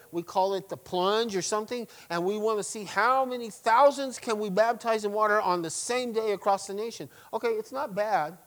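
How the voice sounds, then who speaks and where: Middle-aged male pastor mid-sermon, emphatic, punches key words, drops to quiet asides. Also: sits high, poor audio. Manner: emphatic preaching, swings between loud stresses and quiet asides.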